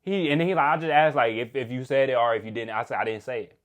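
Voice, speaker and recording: Young man, animated, slangy, laughing storyteller. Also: medium pitch, fast talker. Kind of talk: casual storytime monologue.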